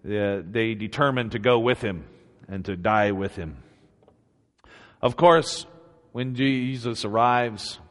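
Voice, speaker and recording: A man preaches in a relaxed, conversational sermon, unhurried and earnest, now and then rising to emphatic peaks. His voice sits at an ordinary middle pitch. It rings out with the long reverb of a church hall. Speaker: pastor.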